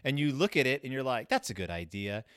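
A man's voice: fast, clear, resonant tone, dry recording, clean studio sound. A man casually hosting a podcast, reviewing a children's book in a rambling, sarcastic monologue. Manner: rambling, sarcastic, animated swings in pitch and loudness.

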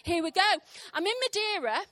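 Woman in her thirties, sermon, high bright voice, dry close sound, punchy comic storytelling. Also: brisk, dry recording. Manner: animated, impassioned, punchy comic timing. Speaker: preacher. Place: church service.

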